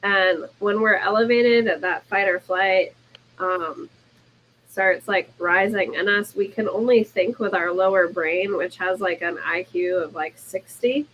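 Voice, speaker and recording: A woman's voice: medium pitch, fairly even intonation, measured pace, highs cut off. Woman explaining with faint background noise. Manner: explanatory, talks in long run-on sentences. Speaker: life coach co-host. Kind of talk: casual conversation.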